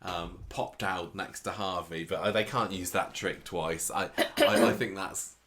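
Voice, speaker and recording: A man's voice: low-pitched, fairly even intonation, measured pace, fairly bright tone. A man co-hosting a podcast, adding wry, grumbling asides. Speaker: podcast co-host. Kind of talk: casual soap recap chat.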